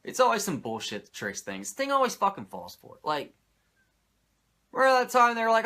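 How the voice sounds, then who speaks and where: A man's voice: extremely high pitch, wildly swooping pitch, fairly quick, sharp tone. A man hosting a podcast, recapping wrestling in a rambling, crude, jokey way. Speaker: podcast host reviewing wrestling. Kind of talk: casual profane recap.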